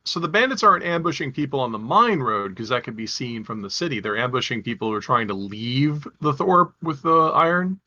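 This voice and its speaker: A man playing in a tabletop game, asking questions and reasoning out loud about the game world. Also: mid-range voice, expressive, brisk, few pauses, highs cut off. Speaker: player. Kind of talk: casual tabletop game talk.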